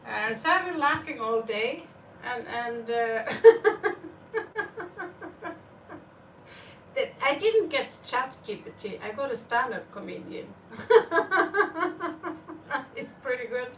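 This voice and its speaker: A woman's voice: fairly high pitch, expressive, normal speed, fairly bright tone, distant mic, slight background noise. Giggly woman tarot reader, echoey room. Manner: giggly, laughs often. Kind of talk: live-stream chat.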